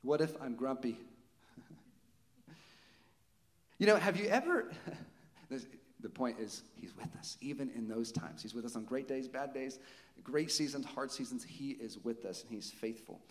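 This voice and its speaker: A man's voice: mid-range voice, animated, a little slow, pauses often, big-room sound. A man preaching a sermon to his congregation, conversational, with frequent rhetorical questions. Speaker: pastor.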